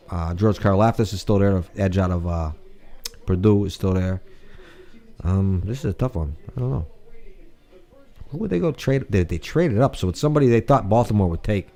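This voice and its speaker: A low-pitched man chatting casually on a livestream about a football draft. He laughs at his own jokes and stretches out words to make a point. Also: normal speed, warm tone. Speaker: livestream co-host.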